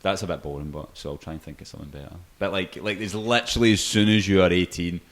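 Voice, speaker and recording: A young man chats on a podcast with a deep, low-pitched voice. He rambles, hesitates and restarts, often playing down his own ideas. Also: steady tone, fast. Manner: hesitant, rambling, self-deprecating. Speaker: podcast co-host. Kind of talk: casual chat.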